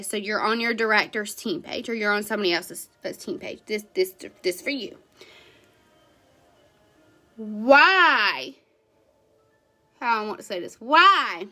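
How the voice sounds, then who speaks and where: A woman's voice: fairly high pitch, bright, forceful tone. A woman who directs a direct sales team, giving an emphatic motivational talk to her team and checking in with "right?" and "okay?".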